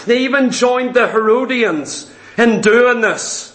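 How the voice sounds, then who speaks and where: A man preaching a sermon in an emphatic, repetitive style that at times rises to shouts. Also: very high-pitched, slow. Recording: echoey room.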